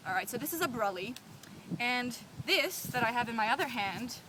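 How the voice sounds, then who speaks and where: A woman with an Australian accent giving a playful, deliberate lesson outdoors near a tree. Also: on the high side, animated. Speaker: teacher. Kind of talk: humorous scripted explainer. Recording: noisy outdoor street recording.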